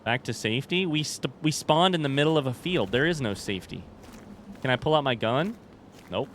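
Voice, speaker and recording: A man streaming a horror game with casual commentary, animated and wry, swearing and joking as he plays. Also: medium pitch, brisk, a little hiss or hum. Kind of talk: casual let's-play commentary.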